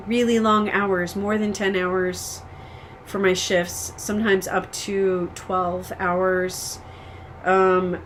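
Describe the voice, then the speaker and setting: A woman from the United States vlogs a casual personal update, candidly venting frustrations and rambling with frequent ums and restarts. Her medium-pitched voice is fairly bright, with a little hiss or hum in the audio.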